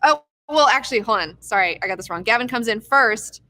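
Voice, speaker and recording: A young woman casually recapping a TV episode, swearing freely, excitable and acting out characters' lines. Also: a little high, fairly quick, slight background noise. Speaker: TV recap host.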